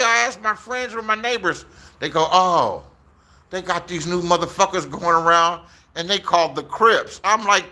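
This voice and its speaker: Man, 60s, from Inglewood, bright piercing voice, casual profane storytelling, acts out the voices he quotes. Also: high-pitched, normal speed. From Inglewood, Los Angeles, USA. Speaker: YouTuber. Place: outdoors.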